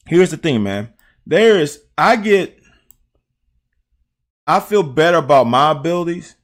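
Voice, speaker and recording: Blunt, profane Southern American man. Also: medium pitch. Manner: blunt, profane, talks straight to chat viewers. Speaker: host, former player breaking down game film. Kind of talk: casual live-stream commentary.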